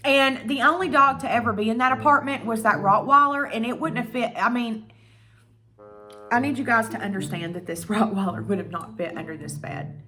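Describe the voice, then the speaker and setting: A young woman telling a storytime vlog in an animated, profane, ranting way. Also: a little high, moderate pace. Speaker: YouTuber.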